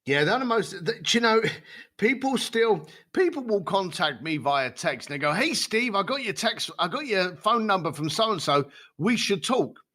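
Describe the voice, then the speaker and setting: A man's voice: high-pitched, animated, moderate pace, pushed and bright. A man as a podcast guest, telling stories with animation and acting out the voices of people he quotes. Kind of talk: storytelling in a podcast interview.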